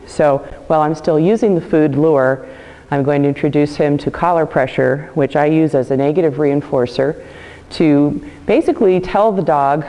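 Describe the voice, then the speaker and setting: Low-voiced woman dog trainer, reverberant. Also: normal speed. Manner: calm explaining, praising the dog in high bursts. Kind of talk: instructional demonstration. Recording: long hall reverb.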